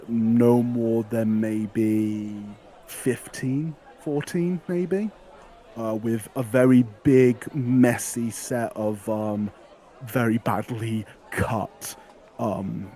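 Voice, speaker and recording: A man's voice: medium pitch, steady tone, extremely slow, warm tone. A man narrating as game master in a tabletop game, describing scenes at length. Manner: descriptive, with restarts and fillers.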